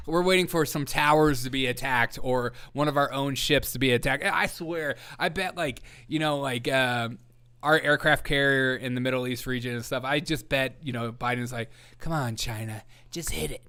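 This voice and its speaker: A man hosting a satirical commentary show, sarcastic and quick to laugh at his own mocking asides. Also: medium pitch, fairly bright tone, smooth. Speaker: host.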